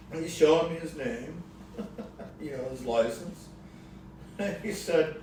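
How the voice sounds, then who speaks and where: A man and guitar player giving advice in casual storytelling chat, rambling and animated, swinging between loud and soft. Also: on the high side, slow, long pauses. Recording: very echoey room, distant mic, faint noise.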